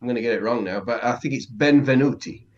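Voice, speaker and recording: A man's voice: mid-range voice, fast, dull audio. A man co-hosting a casual podcast lesson as the learner, curious and hesitant, often restarting sentences. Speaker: co-host and learner.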